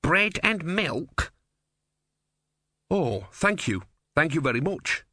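A man's voice: fairly high pitch, big pitch swings, slow, pushed and bright, no echo, pitched above the performer's own voice, exaggerated voice. A man voicing a timid, earnest young novice monk in a storybook reading, with a nervous, hesitant manner.

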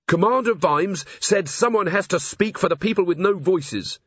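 A man putting on a brisk, sardonic young woman officer, pitched above his own voice. She is quick and practical, and the husky voice sits in a dry, muffled recording. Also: fairly bright tone, no echo.

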